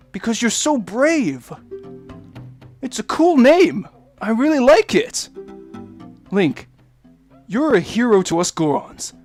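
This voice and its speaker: A man doing a little Goron boy from a video game, frightened yet eager, who talks in a soft and gentle crying voice. Faint game music plays underneath. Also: high-pitched, full character voice. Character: small tearful Goron boy, eager and scared.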